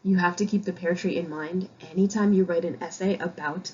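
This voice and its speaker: A woman from Connecticut, a high school English teacher, explaining a novel in a chatty, self-deprecating recorded lecture. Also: fairly even intonation, a little fast, darkish tone, slightly rough, highs cut off.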